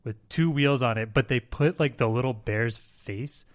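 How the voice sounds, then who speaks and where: A man co-hosting a podcast in casual chat, laughing and excitedly telling stories, in a hotel room. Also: medium pitch, normal speed. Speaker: podcast co-host.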